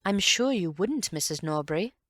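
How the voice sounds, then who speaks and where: A woman voicing a polite, curious young gentleman investigator in an audiobook, speaking cautiously. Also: lowish voice, animated, moderate pace, dry recording, studio quality. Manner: courteous and cautious. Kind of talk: audiobook character voice.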